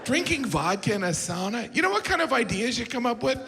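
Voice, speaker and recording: A middle-aged man doing stand-up comedy on stage, with a deadpan delivery and mock-incredulous asides. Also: extremely high pitch, brisk, vocal fry. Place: large theater stage with a laughing audience. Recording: live hall reverb, loud audience noise.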